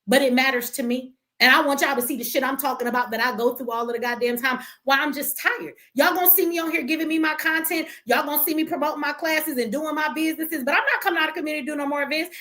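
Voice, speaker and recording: Bright, high-voiced woman ranting on a livestream. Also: quick pace, few pauses. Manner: blunt, profane, impassioned. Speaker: livestream host. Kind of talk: emotional livestream rant.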